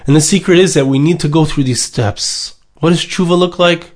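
A man's voice: on the high side, fairly quick. A man speaking as a rabbi, delivering an emotional sermon, emphatic and repetitive, with Hebrew terms woven in.

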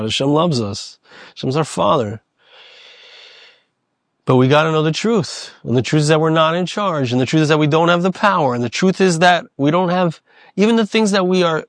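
Male lecturer, fairly high voice, earnest, repeats for emphasis, dry close sound. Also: normal speed, no room sound. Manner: earnest, repeats phrases for emphasis, weaves in Hebrew terms. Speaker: Torah teacher. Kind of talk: Torah lecture.

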